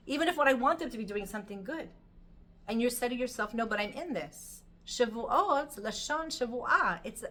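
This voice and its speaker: A middle-aged woman giving an informal Torah class, telling stories in an animated, chatty way. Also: high-pitched. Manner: animated storytelling, lively and chatty. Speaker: Torah teacher.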